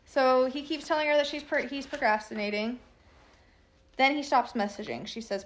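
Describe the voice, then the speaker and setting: A woman's voice: high voice, moderate pace, long pauses. A woman telling a true crime story by reading text messages aloud, in a plain, matter-of-fact way with casual asides.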